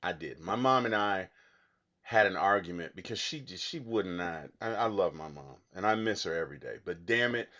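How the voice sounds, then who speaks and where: A man's voice: sits low, animated, normal speed, pushed and bright, muffled recording. A man co-hosting a casual movie discussion, talking earnestly and emphatically, often restarting his sentences. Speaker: movie podcast co-host.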